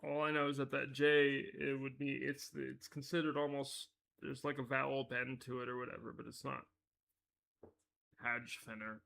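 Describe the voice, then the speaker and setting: Gravelly-voiced man hosting a casual live stream. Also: mid-range voice, flat delivery, normal speed, few pauses, fairly bright tone. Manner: rambling, self-interrupting, easily amused.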